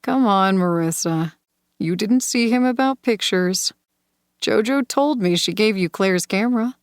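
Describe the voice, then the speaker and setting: A woman voicing a smooth, manipulative man in an audiobook thriller, speaking softly and coaxingly. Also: medium pitch, measured pace, dry recording, clean studio sound, close to an everyday voice. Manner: soft, coaxing, sinister calm. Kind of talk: audiobook character voice.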